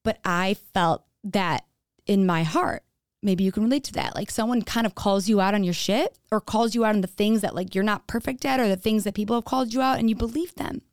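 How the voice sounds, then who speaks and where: A woman's voice: mid-range voice, brisk, dry recording, clean studio sound. A woman telling her own story on a podcast, frank and casual, swearing freely and saying "like" often. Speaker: podcast speaker. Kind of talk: candid personal storytelling.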